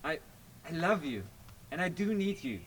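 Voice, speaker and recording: A nervous young groom stammers out earnest lines, as a man plays him in an amateur stage play. His voice sits fairly high and swings widely. A faint hiss lies behind. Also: very animated, moderate pace, fairly bright tone.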